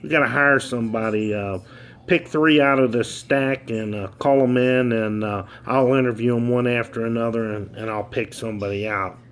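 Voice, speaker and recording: A man voicing a short-tempered male company boss who blows up into shouting. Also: medium pitch, fairly even intonation, normal speed, smooth, close to an everyday voice. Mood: businesslike.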